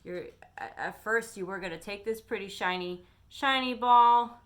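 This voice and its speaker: A woman tarot reader speaks straight to her camera, giving a weekly energy forecast. Her voice is bright and her talk is chatty and encouraging. She sounds animated and warmly supportive. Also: medium pitch, normal speed. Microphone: camera on her face.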